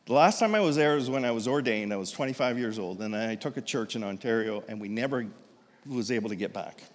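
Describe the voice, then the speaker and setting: A man in his fifties, a pastor telling a story in a sermon, animated and self-deprecating, with frequent restarts. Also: mid-range voice, fast. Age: 50s. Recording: long hall reverb.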